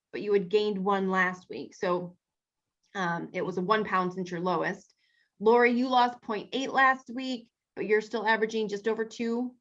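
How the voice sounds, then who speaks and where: A fairly high-voiced woman coaches a weight-loss group over a video call, chatty and encouraging as she talks straight to her members. The call audio is dull and lo-fi. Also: fairly bright tone.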